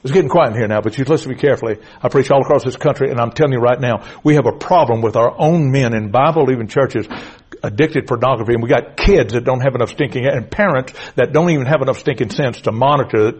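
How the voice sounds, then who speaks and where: A middle-aged man with a husky, mid-range voice preaches a blunt, emphatic, fiery sermon at a fast clip. He repeats phrases and calls out to the congregation. The audio is poor.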